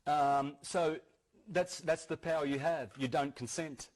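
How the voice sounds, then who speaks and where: Husky man lecturing earnestly. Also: on the high side, steady tone, measured pace. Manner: earnest, repeats key phrases and restarts often. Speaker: speaker giving a talk. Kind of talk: lecture-style talk to an audience.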